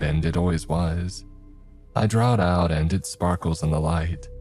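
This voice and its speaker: Deep-voiced man narrating horror stories. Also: a little mellow. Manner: measured storytelling, voicing all characters. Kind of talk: scripted first-person horror narration.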